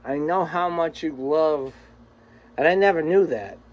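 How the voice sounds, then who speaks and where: A man's voice: a little high, a little slow, low-quality recording. A man recording a casual, rambling video message to a friend, swearing freely and laughing often. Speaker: vlogger.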